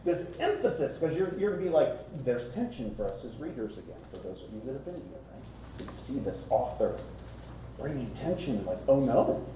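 A man preaching a sermon to a congregation, conversational and animated, often asking the room rhetorical questions. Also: medium pitch, moderate pace, background noise. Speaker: pastor. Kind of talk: expository sermon. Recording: very echoey room, speaker distant from mic.

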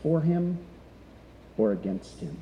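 A man's voice: fairly high pitch, animated, slow, mellow, slight background noise. A middle-aged man preaching a sermon as pastor, conversational and full of rhetorical questions. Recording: echoey hall.

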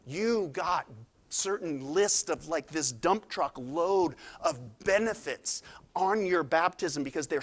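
A middle-aged man preaching a sermon as pastor, in a conversational, animated way with asides and restarts. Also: on the high side.

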